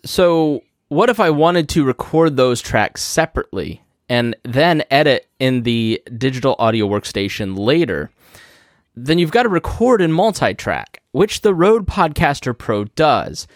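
A male podcast host explains recording gear in a relaxed, chatty way, walking through each step and adding quick asides. His voice sits at an ordinary mid pitch. It is captured close on a studio microphone through a mixer, dry with no trace of room echo. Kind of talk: casual instructional talk.

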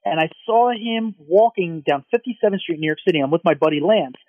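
A man co-hosting a podcast, gushing and excitable as he tells a story in casual chat. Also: high voice, dry recording, narrow, tinny audio. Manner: excitable, gushing, quick anecdotes. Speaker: podcast co-host.

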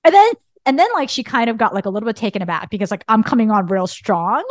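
A woman in her thirties co-hosting a podcast, telling a story in animated casual chat and acting out the dialogue. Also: mid-range voice, fast, no echo. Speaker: podcast co-host.

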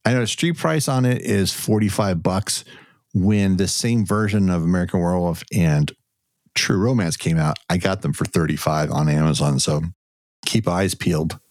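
Low voiced guy co-hosting a podcast, chatty, laughs a lot, dry close sound. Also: dry recording. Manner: chatty, quick laughs, trails off mid-sentence. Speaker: podcast co-host. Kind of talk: casual chat.

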